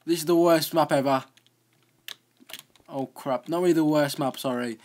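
A young man narrating his own video game run in casual commentary, excitable and quick to exclaim. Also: fairly high pitch. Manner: excitable, easily startled, exclaims often. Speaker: gaming video host.

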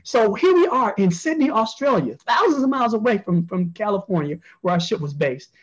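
A man's voice: sits high, expressive, fairly quick, breathy edge, highs cut off. An American man, a journalist speaking as a panel guest, earnestly answering and repeating phrases for emphasis. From United States.

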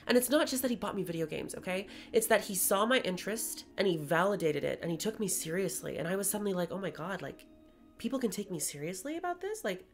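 Chatty young woman doing her makeup. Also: fairly low pitch. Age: 20s. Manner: chatty and candid, with playful asides. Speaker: YouTuber and streamer. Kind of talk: casual vlog chat while doing makeup.

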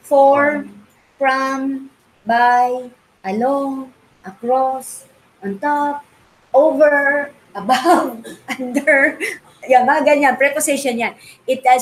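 High-voiced Filipino woman teaching. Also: slow, a little hiss or hum, low-quality recording. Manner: quizzes the class with frequent questions; animated, mixes English and Tagalog. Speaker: Bible study teacher. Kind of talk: Bible study class.

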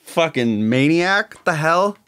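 A man's voice: on the high side, expressive, takes it slowly, a bit bright, a little hiss or hum. A man chatting casually on a livestream while producing music, muttering to himself, swearing and mocking himself. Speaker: music producer streaming a session. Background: music from the session.

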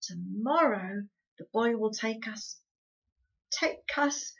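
A woman reading aloud as a dreamy little girl, high and breathless with excitement. The voice is breathy, and the recording is dull and lo-fi. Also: a little slow, full character voice. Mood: breathless excited.

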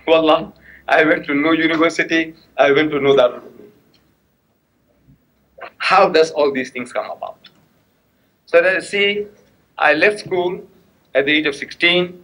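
A man giving a religious lecture at a mosque. He tells stories and acts out dialogue, breaking into sharp, emphatic outbursts. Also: on the high side, measured pace, long pauses, poor audio. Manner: animated storytelling with sharp rising outbursts.

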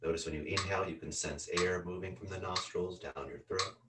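A man with a low, deep voice leads a guided yoga breathing practice, counting each inhale and exhale in a slow, calm cadence. He sits away from the mic in an echoey room. A metronome ticks loudly behind him. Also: heavy background noise. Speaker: yoga teacher. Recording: roomy sound from a distant mic with a loud ticking metronome. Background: metronome clicking once a second.

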